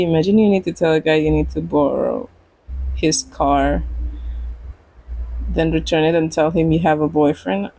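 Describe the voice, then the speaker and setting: Giggly woman streamer, low and unhurried. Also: dark tone, no echo, poor audio. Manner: giggly and rambling, with frequent laughs and restarts. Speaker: game streamer. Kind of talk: casual streaming chat.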